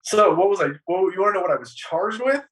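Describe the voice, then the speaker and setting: A man guest on an interview show, telling his story in an animated, profane way and acting out the dialogue. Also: high-pitched, fast, far from the mic, low-quality recording.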